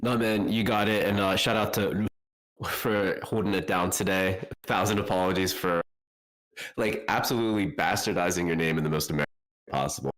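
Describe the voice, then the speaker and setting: A man's voice: low voice, steady tone, brisk, a bit bright. A man co-hosting an online meetup in easygoing casual chat. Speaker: co-host.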